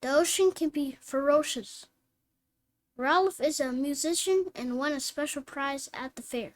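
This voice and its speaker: A woman with a high-sitting voice works through phonics practice, saying word lists and sentences aloud one word at a time. She goes slowly and clearly, much as a reading teacher would.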